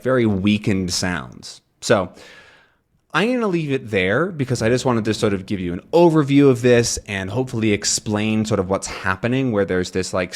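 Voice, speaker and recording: A young man giving a relaxed English pronunciation lesson, thinking aloud with frequent ums. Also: on the low side. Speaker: English teacher.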